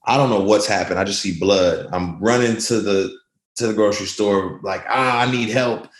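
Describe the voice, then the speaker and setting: A man's voice: deep voice, steady tone, moderate pace, echoey room. A man speaking as an interview guest, earnest and reflective, telling stories in a conversational way.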